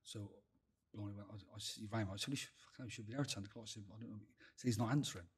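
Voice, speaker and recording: Bristol man, podcast guest, husky voice, swears freely while acting out his stories. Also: lowish voice, steady tone, rapid-fire. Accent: Bristol English. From England. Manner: swears heavily, acts out dialogue, laughs while telling stories. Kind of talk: casual storytelling.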